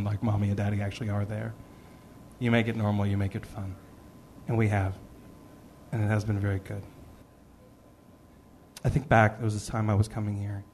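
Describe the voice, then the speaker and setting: A man's voice: on the low side, slight background noise. A man reading a personal story to a live audience, acting out the voices he quotes. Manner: animated, acts out quoted voices.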